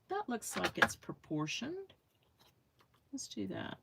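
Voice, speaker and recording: A woman's voice: medium pitch, very animated, slow, creaky, very noisy. A middle-aged woman chatting casually with viewers while crafting on a livestream, greeting them by name and thinking aloud.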